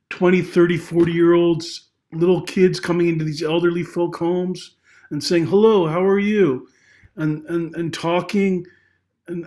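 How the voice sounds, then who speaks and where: A man's voice: high-pitched, a little mellow. A young adult man giving an unscripted personal monologue of social commentary, emotional and rambling, with many restarts and apologies, his voice climbing when he gets angry. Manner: agitated, voice rising when angry.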